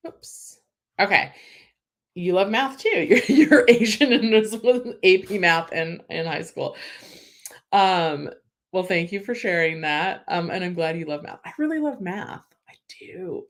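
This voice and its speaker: A young woman from California hosting a casual livestream, reading viewer comments and chatting with lots of "like" and "um" fillers. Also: fairly low pitch. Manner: chatty, emotional, many "like" and "um" fillers.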